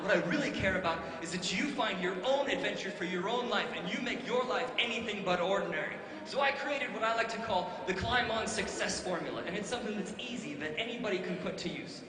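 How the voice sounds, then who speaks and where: High-voiced male speaker in an echoey hall. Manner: playful, jokey, does silly voices. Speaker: motivational speaker. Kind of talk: energetic stage talk to teens. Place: large hall with a live audience. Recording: echoey hall, loud crowd noise.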